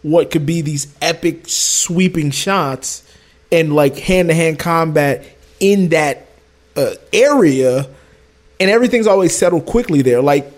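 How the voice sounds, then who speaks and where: A man in casual podcast chat reviewing a film, animated and quick to laugh. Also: a little high. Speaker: podcast co-host.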